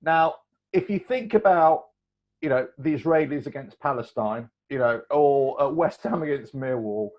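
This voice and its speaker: A man, telling stories as a guest in a casual chat, animated and rambling, laughing often. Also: on the high side, normal speed. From England. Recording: dull lo-fi recording.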